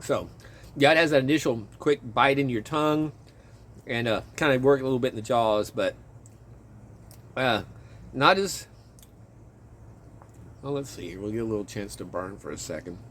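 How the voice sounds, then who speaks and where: A man casually chatting in his garden outdoors, rambling and chuckling as he talks, with a relaxed, self-interrupting way of speaking. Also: medium pitch, normal speed, long pauses. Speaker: vlogger and home gardener.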